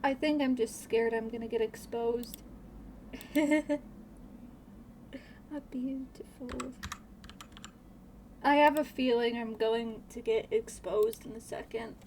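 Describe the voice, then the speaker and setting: A woman's voice: on the high side, steady tone, slow, long pauses, darkish tone, a little hiss or hum. A woman streamer chatting casually while modding a game, rambling, swearing freely and laughing nervously.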